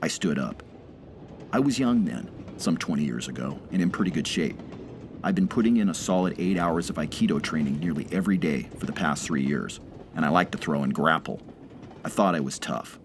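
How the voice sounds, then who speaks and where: A man reading a first-person story aloud in a measured, dramatic way. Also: extremely low pitch, animated, background noise. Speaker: narrator.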